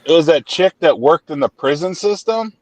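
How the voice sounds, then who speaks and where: A man's voice: fairly high pitch, expressive, moderate pace, a little mellow, dry recording. A man co-hosting a gun shop livestream, telling anecdotes and tossing in dry, wry asides. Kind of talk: casual livestream chat.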